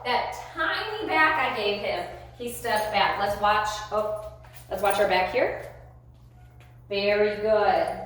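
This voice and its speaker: A woman training her dog on a leash, who mixes short praise like "good boy" with explanations to viewers. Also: medium pitch. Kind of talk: live dog-training commentary. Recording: very echoey with faint noise.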